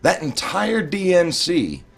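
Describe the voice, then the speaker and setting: A man's voice: fairly high pitch, wildly swooping pitch, slow pace, vocal fry, breathy edge. A man co-hosting a casual political talk show, speaking in a heated way and stammering when worked up.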